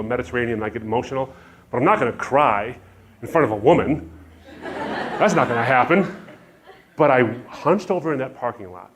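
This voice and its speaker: Middle-aged male speaker, testimony talk, lively storyteller, mid-range pitch. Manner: animated storytelling, acting out dialogue. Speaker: Christian speaker.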